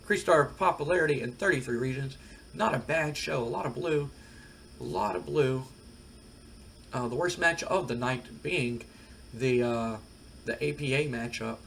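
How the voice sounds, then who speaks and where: A man's voice: mid-range voice, normal speed, gravelly, slight background noise. A man casually talking through a wrestling management game for his channel, rambling with lots of fillers. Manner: rambling, relaxed, many fillers. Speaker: gaming video creator.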